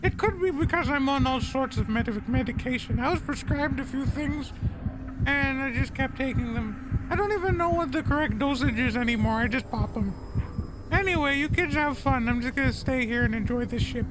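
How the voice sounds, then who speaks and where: A spaced-out, laid-back man who rambles in a drowsy, offhand way, as a man puts him on. His voice sits very high. A steady hiss of noise lies under it. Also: moderate pace.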